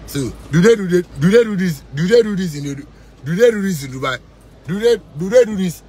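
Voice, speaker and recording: A man's voice: high voice, animated, brisk, mellow, slight background noise. A man from Ghana with a Ghanaian Pidgin English accent, ranting to camera from inside a car in fiery, repetitive street talk. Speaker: musician vlogger. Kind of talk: casual rant to camera.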